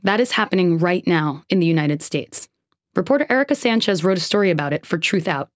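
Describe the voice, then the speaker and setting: A woman radio producer reporting a scripted news story with a clear, even delivery. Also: on the low side, fast, no room sound, clean studio sound.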